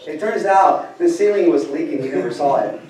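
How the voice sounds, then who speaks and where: A middle-aged man preaching to a church, telling stories with frequent chuckles and sudden swings from loud to hushed. His voice is heard from far off in a big, heavily echoing hall. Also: on the high side, a little fast, a crowd in the background. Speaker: pastor. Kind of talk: sermon. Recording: distant echoey hall from far off.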